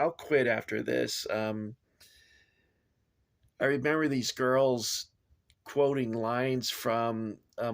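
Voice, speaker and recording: Gravelly-voiced American man, chatty. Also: on the low side. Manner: digressive, chatty, frequent filler words. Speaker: toy collector reviewer. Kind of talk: casual rambling toy review.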